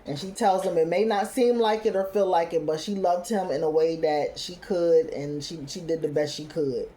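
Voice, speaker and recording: A woman's voice: on the low side, moderate pace, mellow. A woman giving a casual recap of a TV episode, retelling scenes loosely and quoting the characters as she goes. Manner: retells scenes loosely, quoting characters, with frequent "you know what I'm saying". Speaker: TV recap host.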